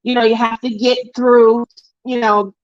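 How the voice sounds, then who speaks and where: Slow-talking chatty woman craft host. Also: on the high side, little pitch movement, lo-fi sound. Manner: chatty storytelling, emotional, laughs often. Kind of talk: casual chat reading viewer comments.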